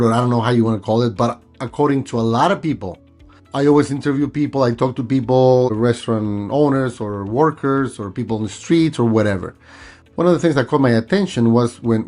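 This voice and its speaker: A man's voice: mid-range voice, darkish tone. A middle-aged man, a native Spanish speaker originally from Mexico, hosting a casual, rambling vlog monologue and repeating himself often. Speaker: vlog host.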